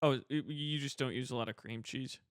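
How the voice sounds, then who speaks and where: A man's voice: medium pitch, clear, resonant tone, no echo, studio quality. A young man co-hosting a comedy podcast, teasing his co-host in casual chat. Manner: teasing, quick to laugh.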